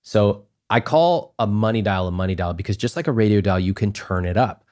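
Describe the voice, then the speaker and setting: A man's voice: expressive, a little fast, a little mellow. Emphatic man acting out dialogues. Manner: emphatic, acts out quoted exchanges, climbs high for emphasis. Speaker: guest, personal finance author. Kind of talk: animated podcast interview.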